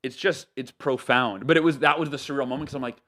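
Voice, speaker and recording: A man from the United States, an author, telling stories as a podcast guest in an animated way, with lots of fillers and restarts. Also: mid-range voice, quick pace. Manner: animated, loose talk with many fillers and self-corrections. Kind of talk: casual storytelling interview.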